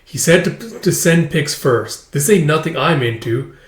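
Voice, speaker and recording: A man's voice: a little high, expressive, measured pace, reverberant. A man voicing a callous adult male kidnapper, talking bluntly and dismissively while reading a comic aloud.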